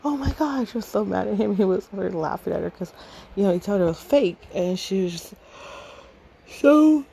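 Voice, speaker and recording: A woman's voice: medium pitch, brisk, creaky, mellow, a little hiss or hum, poor audio. Woman in her thirties, fond rambling storyteller. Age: 30s. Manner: rambling, fond, laughs often, many fillers. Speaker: podcast storyteller. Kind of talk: casual personal storytelling.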